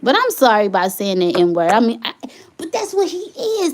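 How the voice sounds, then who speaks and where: Fired-up woman ranting with lively pitch. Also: brisk, background noise. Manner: indignant, rising into loud complaints. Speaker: vlogger, single mother. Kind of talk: livestream rant to chat.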